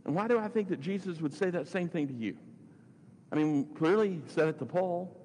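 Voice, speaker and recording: A man giving a conversational sermon, repeating phrases for emphasis and swinging between loud and hushed delivery. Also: on the high side, brisk. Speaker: pastor. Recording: long reverb, faint background noise.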